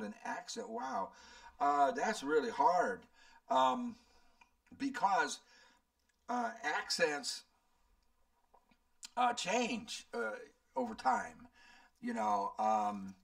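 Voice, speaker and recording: A man's voice: a little high, gravelly, fairly bright tone, recorded from a distance. A man in his seventies, a channel host, rambling and thinking aloud as he answers viewer questions. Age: 70s. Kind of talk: casual Q&A chat.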